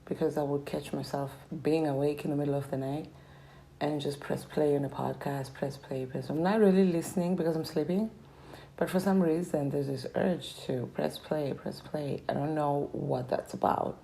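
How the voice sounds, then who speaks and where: A woman's voice: low voice, fairly even intonation, normal speed, gravelly, warm tone, slight background noise, rough recording. A young woman vlogging a casual, meandering life update, her throat sore and strained from talking. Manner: meandering, reflective, trailing off.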